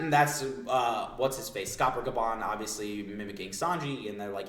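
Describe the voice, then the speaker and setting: Hyped up and profane, a young man hosts a manga breakdown, giving excited, slangy, casual commentary. He talks fast with few pauses, in a lowish voice with a fairly bright tone, and the recording has an echoey room sound.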